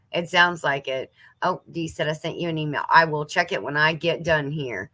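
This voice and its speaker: A woman's voice: low voice, moderate pace, pushed and bright. A woman in her fifties hosting a casual livestream, reading viewers' comments aloud and chatting back to them. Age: 50s. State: coughing now and then. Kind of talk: casual chat.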